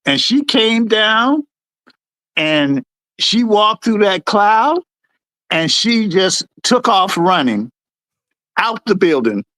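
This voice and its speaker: A man's voice: slow pace, long pauses, no echo. A middle-aged American man hosting a livestream, telling service stories and acting out the people in them. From United States. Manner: animated, acts out quotes in a higher voice. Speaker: livestream host. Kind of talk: storytelling chat.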